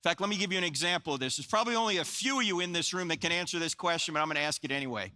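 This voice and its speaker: Lively sixty-year-old man addressing a crowd. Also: a little high, racing. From New Jersey. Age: 60s. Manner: joking, storytelling, asks the crowd questions. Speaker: Christian apologetics speaker. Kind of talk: live talk to an audience.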